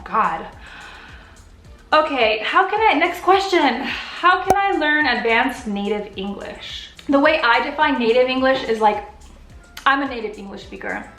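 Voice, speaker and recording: A woman's voice: on the high side, a bit bright, reverberant. A woman YouTuber answering viewer questions in a casual, earnest way, getting emotional as she talks. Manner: open, earnest, gets emotional. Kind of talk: casual Q and A vlog.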